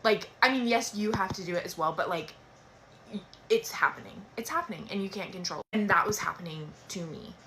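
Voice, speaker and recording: A young woman telling a dramatic personal story in a casual storytime, animated and swearing freely. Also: mid-range voice, fairly quick, a little hiss or hum.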